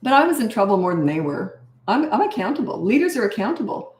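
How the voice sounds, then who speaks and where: A woman's voice: mid-range voice, big pitch swings, fast talker, a little mellow. Chatty older woman coach, roomy echo. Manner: chatty, emphatic, drifts into anecdotes. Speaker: parenting coach. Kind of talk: answering viewer questions, casual advice.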